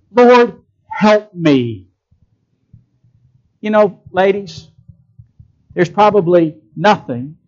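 A man's voice: sits high, dull audio. A man preaching a sermon, asking his listeners rhetorical questions and acting out the quotes he reads. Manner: emphatic, rhetorical questions to the audience, acts out quotes.

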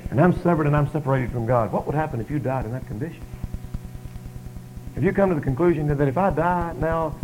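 A preacher delivers his sermon in a slightly higher man's voice. He leans hard on rhetorical questions, pushing some lines loud and dropping others low. The sound carries the flat color of a radio broadcast. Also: rough recording. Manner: emphatic rhetorical questioning, rising and falling loudness.

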